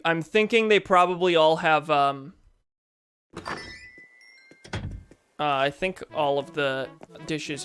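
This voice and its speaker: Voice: mid-range voice, a bit bright. A game streamer chatting casually while playing, thinking aloud and joking at their own expense.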